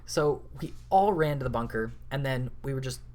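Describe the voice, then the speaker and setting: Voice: medium pitch, lively intonation, moderate pace, darkish tone. Rambling podcast host telling a story. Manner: rambling, lots of "like" and laughing asides.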